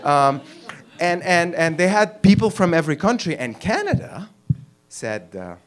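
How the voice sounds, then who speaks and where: Animated man doing brash stand-up. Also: fairly high pitch, a little slow. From Arab world. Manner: brash, crude, rambling and animated. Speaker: stand-up comedian. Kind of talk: stand-up comedy set. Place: comedy club stage, audience laughter.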